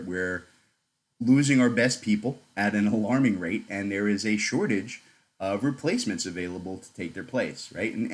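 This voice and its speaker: A man hosting a podcast, chatting casually in a joking, blunt way. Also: fairly low pitch. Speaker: podcast host.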